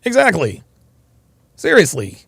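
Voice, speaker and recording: A man's voice: high voice, wildly swooping pitch, measured pace, creaky, fairly bright tone, slightly rough, dry recording. A man co-hosting a podcast, blunt and mocking, reading viewer comments aloud. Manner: blunt, mocking, reads super chats aloud. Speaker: podcast co-host. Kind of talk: casual podcast chat.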